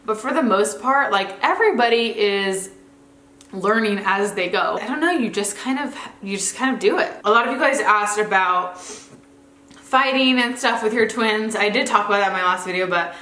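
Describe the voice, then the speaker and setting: A woman's voice: medium pitch, normal speed, sharp tone. A young woman vlogger chatting casually to camera at home, full of fillers and asides. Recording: roomy echo.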